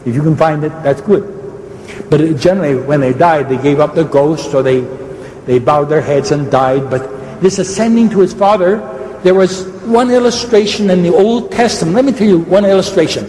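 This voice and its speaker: Fervent high-voiced preacher in echoey hall. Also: male voice, a little mellow, a little hiss or hum. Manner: fervent, swoops high for emphasis; fast-talking, restarts mid-sentence. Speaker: preacher in a debate. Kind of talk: sermon.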